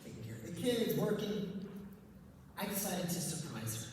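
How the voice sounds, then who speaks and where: A man's voice: high-pitched, big pitch swings, normal speed, heavy background noise. Guy giving a talk about couples at a women's event, far off mic, super echoey hall. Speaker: rabbi and speaker on couples. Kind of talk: conference talk with a story.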